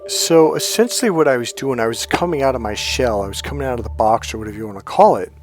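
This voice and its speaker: Music plays behind a middle-aged man whose mid-range voice is expressive and quick as he coaches viewers in a casual monologue. He recounts personal experiences frankly and bluntly, cursing freely throughout.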